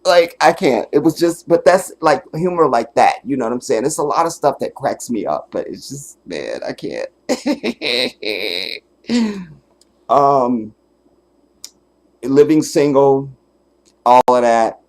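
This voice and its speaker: A man hosting a casual solo livestream, telling stories with animated, profane energy, often breaking into laughter and sometimes making emphatic declarations. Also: medium pitch, slow pace, long pauses. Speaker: livestream host.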